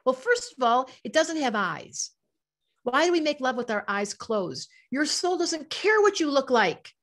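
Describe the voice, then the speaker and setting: A woman's voice: high-pitched, sing-song, unhurried, fairly bright tone. Impassioned woman teaching astrology live. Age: older. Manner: passionate, emotional, reads out chat comments. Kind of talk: live-stream talk to a chat audience.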